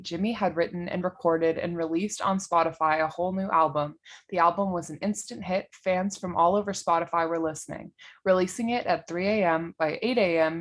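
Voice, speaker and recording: A woman narrating a comedic story in a brisk, deadpan way. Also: fairly low pitch.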